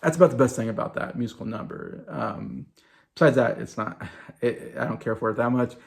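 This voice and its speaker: A man's voice: mid-range voice, fairly quick, gravelly. A man hosting his own video, rambling through an exasperated casual movie review with mocking asides. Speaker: video host.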